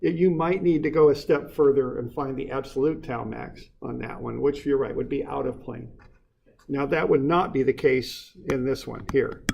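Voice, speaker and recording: A man's voice: mid-range voice, moderate pace, creaky, a little mellow, husky, low-quality recording. A man teaching an engineering class in an informal way, often repeating words and putting questions to the students. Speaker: engineering instructor. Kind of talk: classroom lecture.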